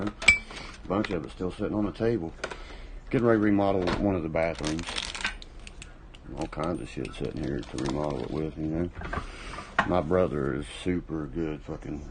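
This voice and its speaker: A man's voice: sits low, heavy background noise. A man hosting a casual livestream, rambling and boastful, swearing often while he drinks. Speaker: livestream host.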